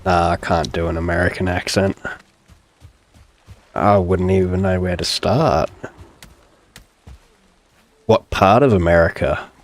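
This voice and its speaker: A man's voice: deep voice, measured pace, long pauses. A young man chatting casually and hesitantly while playing a game, with lots of fillers. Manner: relaxed, rambling, hesitant with fillers. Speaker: gaming streamer. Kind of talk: casual gameplay chat.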